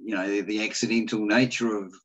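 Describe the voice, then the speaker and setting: A man's voice: on the low side, fairly even intonation, a little fast, rough recording. A man, a school principal, speaking thoughtfully and with hesitation in a podcast interview. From New Zealand. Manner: thoughtful, hesitant, many fillers.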